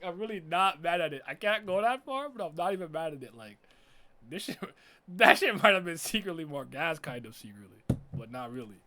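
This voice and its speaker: A man giving a casual reaction commentary as a streamer, laughing and swearing with loud frustrated outbursts. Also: sits high, lively intonation, a little fast. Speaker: streamer reacting to an anime episode.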